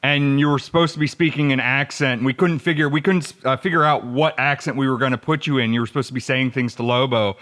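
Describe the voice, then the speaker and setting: A man who produces the podcast, telling stories in an animated way, with many fillers. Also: mid-range voice, quick pace, few pauses. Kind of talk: casual podcast chat.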